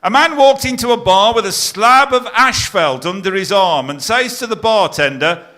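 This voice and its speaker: A middle-aged man comparing a stage competition, telling jokes with deadpan punchlines and teasing the live audience. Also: high voice, normal speed. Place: stage in a pier theatre before a live audience.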